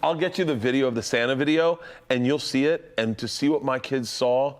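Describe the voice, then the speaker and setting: A middle-aged man co-hosting a podcast in casual chat, an animated storyteller who swears freely. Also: medium pitch, fairly quick. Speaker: podcast co-host.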